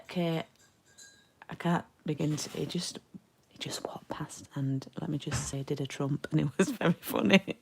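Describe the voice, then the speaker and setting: A woman's voice: lowish voice, gravelly, a little hiss or hum, poor audio. A woman giving a chatty live-streamed card-making lesson and greeting viewers by name. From England.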